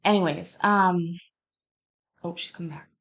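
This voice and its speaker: Woman streamer, stoned, lower-pitched; casual and profane, keeps getting sidetracked. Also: fairly even intonation, unhurried, vocal fry. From Canada. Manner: chatty, profane, easily sidetracked. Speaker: streamer reacting to a court show. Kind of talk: casual rambling storytelling.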